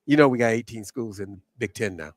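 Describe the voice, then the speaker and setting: A man's voice: lowish voice, a little fast, a little hiss or hum. A man hosting a sports radio show, teasing his guest in casual banter. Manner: teasing, animated. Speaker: radio host.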